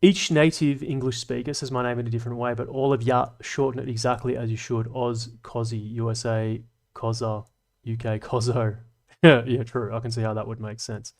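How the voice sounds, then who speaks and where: A man's voice: medium pitch, level tone, normal speed. Rambling sweary man. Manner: rambling, sweary, laughs often. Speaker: livestream host. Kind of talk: casual livestream chat reading comments.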